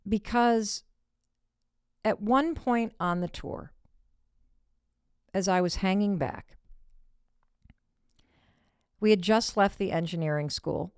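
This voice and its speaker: A woman's voice: lowish voice, gravelly, clean tone, no room sound, studio quality. A woman in her fifties from Michigan, hosting a podcast and telling a personal story expressively, dropping to whispers for asides and swearing casually. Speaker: podcast host.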